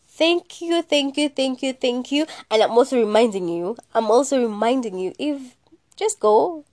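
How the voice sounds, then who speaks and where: A young woman talks in a chatty, sassy way on her solo podcast, cursing freely and slipping in Swahili. Her voice sits a little high. The recording is dry and close, with no room sound. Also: a little mellow, no echo. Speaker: podcast host. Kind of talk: casual solo podcast chat.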